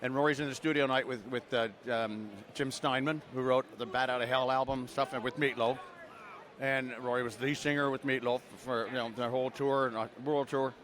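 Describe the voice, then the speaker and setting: A man's voice: mid-range voice, steady tone, normal speed, a bit bright. An older man from Canada tells long stories in a casual, meandering way, circling back with fillers and half-finished sentences. His voice sits in an ordinary middle register. He is recorded outdoors amid a convention crowd. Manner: rambling anecdotes with many fillers and restarts. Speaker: voice actor guest. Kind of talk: casual storytelling interview.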